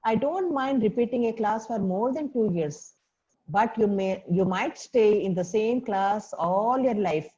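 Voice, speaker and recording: A woman's voice: mid-range voice, a little slow, mellow, natural voice. A woman voicing a strict elder brother who scolds his younger brother with rhetorical questions in a lesson reading. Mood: scolding. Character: stern scolding elder brother, a studious boy. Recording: dull lo-fi recording.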